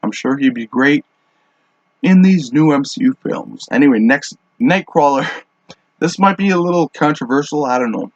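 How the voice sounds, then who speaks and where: Smoking while he talks, a podcast host rambles casually about fan casting in a solo monologue packed with fillers and restarts. His voice is a little high with lively intonation at normal speed, captured on a dull, dry lo-fi home mic with no room sound.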